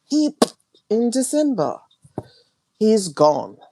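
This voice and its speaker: A woman hosting a tarot livestream, ranting emphatically and repeating herself, her voice swinging between loud and hushed. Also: on the high side, wildly swooping pitch, drawn-out words, no echo. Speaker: tarot reader and livestream host.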